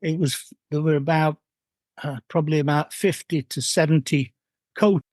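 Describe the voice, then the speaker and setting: A man's voice: on the high side, steady tone, darkish tone, no room sound. Older yorkshire guy telling old football stories, lots of restarts, dry close sound. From Yorkshire, England. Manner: rambling, halting, many restarts. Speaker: former footballer, guest. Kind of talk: interview storytelling.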